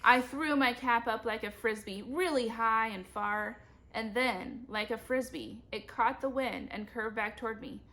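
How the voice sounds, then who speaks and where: Woman reader, bright and fairly high voice, lively read-aloud of a kids' chapter book. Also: unhurried. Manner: lively, shouts characters' lines in high voices.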